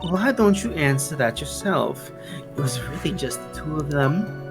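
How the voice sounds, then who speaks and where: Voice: mid-range voice, expressive, moderate pace, music in the background, natural voice. A streamer voicing a haughty young female prosecutor, scornful and demanding.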